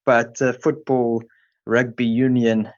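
A man's voice: mid-range voice, flat delivery, slow pace, a little mellow, lo-fi sound. A man, a sports journalist guest, talking in an easygoing, informative way in casual chat. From South Africa. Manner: easygoing, informative, often opens with "look".

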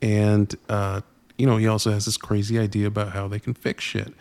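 Male podcast host, low gravelly voice, animated and profane. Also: fairly quick. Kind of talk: casual movie recap chat.

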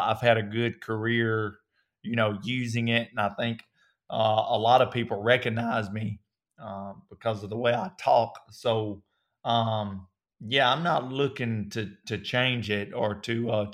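A man's voice: fairly low pitch, unhurried. Southern-accented man telling folksy stories. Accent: Southern US (Alabama). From North Alabama, US. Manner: relaxed, folksy storytelling with many fillers. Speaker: actor guest. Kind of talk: casual interview.

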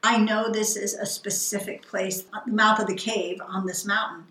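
A woman co-hosting a ministry podcast, reflecting earnestly on scripture in a warm conversational discussion. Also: mid-range voice, steady tone, normal speed, roomy sound, low-quality recording. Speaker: podcast co-host.

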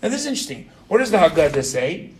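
Middle-aged man, religious class teacher, lively swooping voice, slightly high, quizzes students, faint background noise. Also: racing. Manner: animated, asks the class questions, keeps adding "right?". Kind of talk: informal religious lesson to students.

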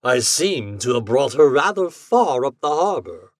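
A man voicing a ghostly male pirate captain who speaks slowly in a cool, genteel gentleman's voice. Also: medium pitch, sing-song, dry recording, clean studio sound, pitched above the performer's own voice.

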